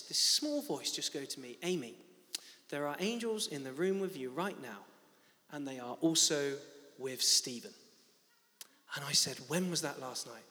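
A young man preaching and telling a personal story in a lively, animated way. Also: fairly high pitch. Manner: animated storytelling, acting out his own shock. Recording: reverberant church hall.

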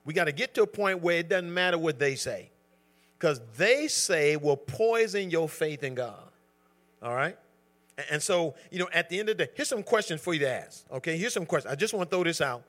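Man leading a church Bible study; bright, lively teacher, conversational and emphatic. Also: a little high, brisk. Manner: calls on members by name, conversational and emphatic. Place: church group gathering.

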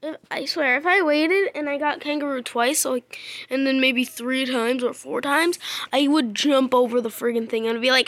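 A woman doing gameplay commentary, muttering to herself and then shouting in frustration, swearing at the game. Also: high-pitched, normal speed, no room sound. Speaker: gamer.

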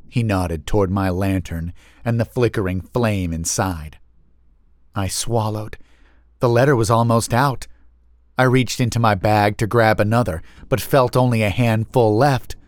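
A male storyteller narrates horror in a slow, deliberate, brooding voice. His tone sits somewhat low, recorded close and dry with no room sound. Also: dry recording. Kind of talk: first-person horror narration.

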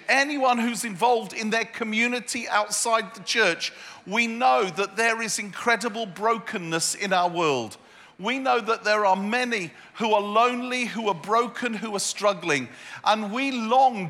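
Bright-voiced preacher in a hall. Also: male voice, high-pitched. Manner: humorous, self-deprecating storytelling with repeated phrases. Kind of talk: sermon. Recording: echoey hall.

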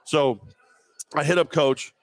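A man's voice: on the high side, fairly even intonation, slow, dry recording. A man co-hosting a live podcast, telling a long self-deprecating story in casual chat. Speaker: podcast co-host. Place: bar or venue, live show.

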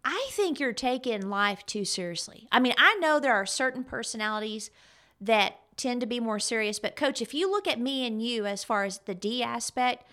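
A middle-aged woman co-hosts a casual talk show with a slightly high voice. She tells stories in an animated way and laughs often. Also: normal speed. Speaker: podcast co-host. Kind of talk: casual chat.

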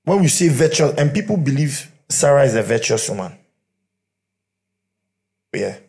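A middle-aged man preaches a sermon, telling his stories with humour. His voice has a gravelly, fry-edged grain in a middle pitch. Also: sing-song, moderate pace, a little mellow. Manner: humorous storytelling.

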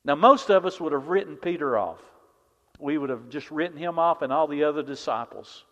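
A man preaching a sermon as pastor, impassioned, swinging from loud declarations to hushed, intimate lines. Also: fairly high pitch, a little fast. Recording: dull, reverberant hall sound.

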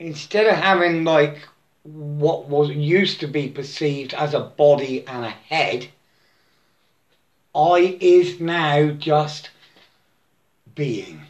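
A man giving a halting, repetitive spiritual monologue, breaking into chanted mantras and laughing to himself. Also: on the high side.

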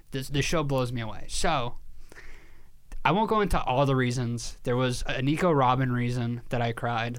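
A man's voice: mid-range voice, clean tone. A man chatting casually as a podcast co-host, telling a story emphatically, swearing and often restarting his sentences. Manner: repeats words and restarts sentences. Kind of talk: casual chat.

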